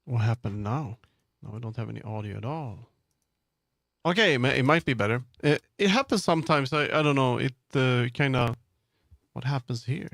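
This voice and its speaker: A man's voice: mid-range voice, lively intonation, normal speed, vocal fry, fairly bright tone, no echo, studio quality. A man streaming live, chatting casually and muttering to himself as he troubleshoots. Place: home streaming setup.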